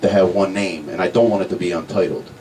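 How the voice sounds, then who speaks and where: A man's voice: low-pitched, steady tone, fast, warm tone. A man in a band, chatting casually in an interview, rambling a little with restarts. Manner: laid-back, rambling with restarts. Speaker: band member. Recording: distant mic with faint background noise.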